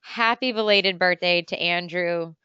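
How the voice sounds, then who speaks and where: Woman hosting a podcast, smooth clear voice, dry close mic, chatty and teasing. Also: on the low side, pushed and bright, no echo, highs cut off. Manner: chatty, teasing, quick bursts of talk. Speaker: podcast host. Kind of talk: casual chat.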